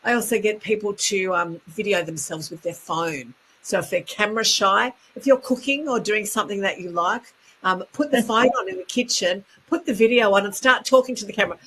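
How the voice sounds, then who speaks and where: Australian woman speaking coach, chatty and animated, crisp bright tone, slight hiss on the line. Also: mid-range voice, normal speed, low-quality recording. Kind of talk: casual interview chat.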